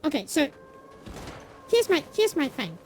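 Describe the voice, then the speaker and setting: Young woman streamer rambling on, kinda high voice, bouncy, puts herself down a lot, faint noise behind. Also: a little slow. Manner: rambling, self-deprecating, many restarts and fillers; animated, laughs often. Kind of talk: casual chat while gaming.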